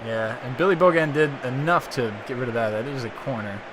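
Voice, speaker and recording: A man doing live play-by-play commentary on a video game football match, getting excited and shouting on close chances. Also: mid-range voice, a little fast, noisy background. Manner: excitable, rises to shouting on near goals.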